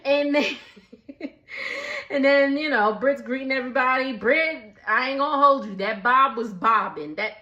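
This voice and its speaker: A woman's voice: high-pitched, moderate pace, bright, forceful tone, highs cut off. A woman chatting casually as she recaps a TV episode, laughing often between remarks. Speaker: recap vlogger.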